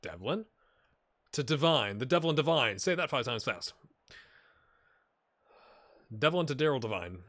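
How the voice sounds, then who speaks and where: A man giving casual, animated commentary while playing a football management game, cheering on and talking to his players. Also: medium pitch, a little slow, pauses often, no echo, studio quality. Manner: animated, talks to his players, puts on silly voices.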